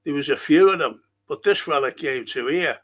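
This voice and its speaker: A man's voice: a little high, moderate pace, fairly bright tone. A man hosting a live-streamed local history show, chatting casually with viewers, rambling and swearing freely.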